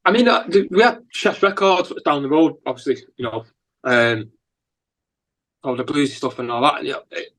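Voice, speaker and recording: A man's voice: a little high, moderate pace, poor audio. A man with a northern English accent, a musician guest telling long rambling anecdotes in a casual interview. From England. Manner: rambling, animated anecdotes with lots of fillers.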